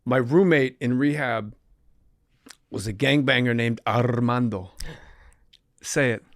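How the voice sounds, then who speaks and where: Man, comic storyteller, animated, wry, medium pitch, dry close sound. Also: slow pace, no room sound. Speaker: comedian podcast host.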